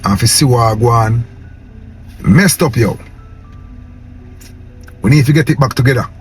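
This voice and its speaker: A young man with a strong Jamaican Patois accent delivers a fervent rant straight to his viewers. He talks in a middling pitch, repeating himself and ending his sentences with "yo". Soft music plays faintly behind him. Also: moderate pace. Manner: impassioned, preachy, repeats "yo" and "man". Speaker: vlogger. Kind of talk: casual rant to camera.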